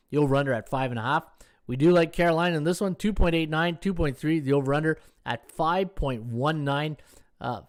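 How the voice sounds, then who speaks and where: A middle-aged man with a slightly high, darkish, clear and resonant voice hosts a sports betting podcast. He casually reads odds and picks and chats with his live viewers, but his throat is sore and he's losing his voice from talking so much.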